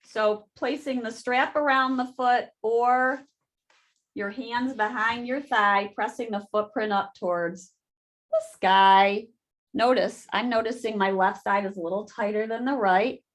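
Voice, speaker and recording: A woman yoga instructor giving calm step-by-step cues and counting breaths through a guided class. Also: a little high, measured pace. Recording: echoey room.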